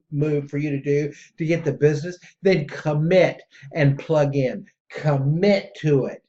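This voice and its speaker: A man hosting a podcast in a casual, rambling monologue that gets excitable. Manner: excitable and rambling, jumps between pitches. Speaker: podcast host. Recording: dull lo-fi audio.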